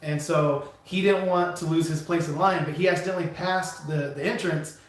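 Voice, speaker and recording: A man from California who drives trucks, talking in a slightly raised pitch as he rambles through a story on a live stream. He keeps backing up and restarting his sentences. The room around him rings with heavy echo. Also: moderate pace. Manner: rambling, animated anecdote with many restarts and chuckles. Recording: very echoey room.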